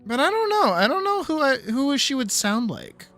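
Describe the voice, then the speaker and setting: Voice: sits high, very animated, moderate pace, fairly bright tone, faint music behind. A streamer chatting casually while reacting to videos, musing aloud and trailing off mid-thought.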